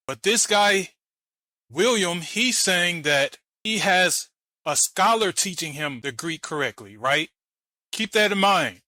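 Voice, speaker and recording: A man hosts commentary on a debate clip in a combative, mocking manner. His voice is bright and a little raised. The sound is dry and close, with hardly any room in it. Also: on the high side, dry recording. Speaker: host. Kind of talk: scripture reading.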